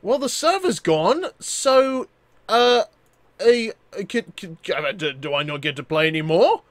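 A young man giving casual, jokey commentary while playing a shooter game, excitable and often stammering over his words. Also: high-pitched, a little slow, no echo. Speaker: gaming YouTuber.

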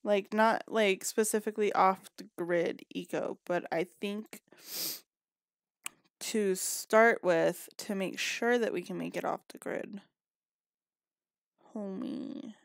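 A gaming video creator gives casual, chatty gameplay commentary, scolding her characters while sounding a little sniffly and yawning. Her mid-range voice is slow and creaky, recorded dry with clean studio sound.

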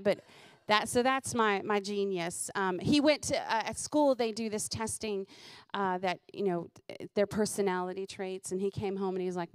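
A middle-aged woman comedian tells family stories in an animated, self-mocking way, often breaking into laughter. Her voice sits at an average pitch and is recorded close and dry. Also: moderate pace, clear, resonant tone, dry recording. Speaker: comedian host. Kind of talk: stand-up storytelling.

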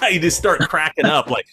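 A man's voice: lowish voice, fairly bright tone, no echo. A man with a dry, sarcastic sense of humor, telling stories as a guest in a casual podcast interview.

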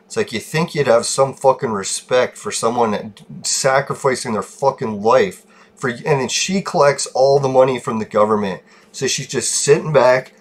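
A man's voice: mid-range voice, husky. A man hosting his gaming channel, venting with frustration in a casual, profanity-heavy rant. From Canada.

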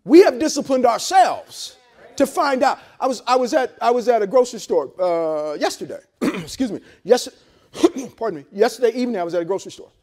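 Male pastor with a very high voice, preaching in a loose, chatty sermon style with blunt jokes and call-and-response. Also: animated, brisk, a little mellow. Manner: conversational preaching with frequent repeats and call-and-response; blunt, joking asides to the congregation. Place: church service held in a hotel venue.

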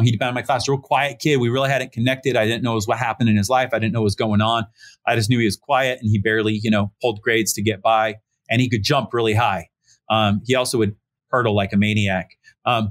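A man in his thirties, a pastor joining a conversation remotely, tells a personal story in an easygoing, conversational way. He uses lots of fillers and acts out the people he quotes, lifting his voice for each one. His voice sits at an ordinary male pitch. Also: fairly bright tone. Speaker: pastor, podcast guest. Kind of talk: casual personal storytelling in an interview. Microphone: remote call setup.

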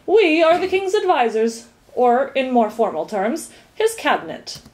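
A woman's voice: sits high, very animated, measured pace, a little mellow, pitched above the performer's own voice. Woman voicing a pompous royal minister. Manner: pompous, impatient.

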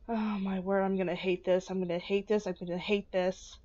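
Soft-spoken woman commenting on her game. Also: medium pitch, little pitch movement, fairly quick, dull audio. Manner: soft, repeating sad exclamations. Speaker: gaming video host. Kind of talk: casual let's play commentary.

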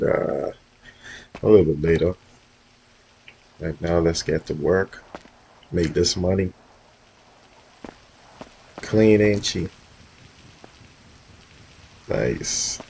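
Slow, gravelly man in a gaming vlog. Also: deep voice, darkish tone, poor audio. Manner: laid-back, slangy, talks straight to viewers. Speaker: roleplay gamer showing off his cars. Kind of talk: casual gaming vlog commentary.

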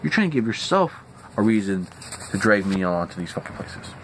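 Young male vlogger, angry profane rant, animated delivery, light background noise. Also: on the low side, a little fast, poor audio. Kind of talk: venting rant. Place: at home indoors.

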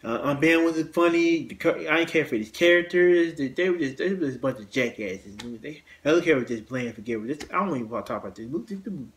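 Male host, fairly high voice, stumbling and repetitive delivery, blunt and profane. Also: expressive. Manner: halting, many restarts and repeated words, blunt cursing. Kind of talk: casual movie rant.

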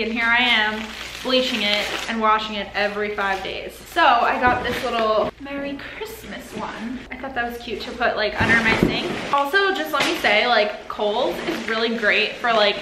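A woman's voice: fairly high pitch, normal speed, noisy background. Chatty young woman vlogging in an echoey room. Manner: chatty, lots of "like" fillers. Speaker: lifestyle vlogger. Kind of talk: casual vlog chat. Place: home, apartment.

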